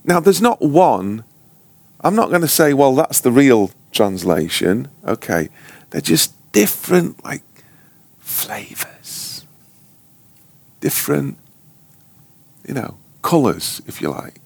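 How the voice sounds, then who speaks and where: A man's voice: medium pitch, sing-song, slow pace, creaky, long pauses, darkish tone, no echo. A man teaching a Bible class informally, rambling and joking, often breaking off mid-sentence. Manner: rambling, self-interrupting, joking. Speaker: ministry school teacher.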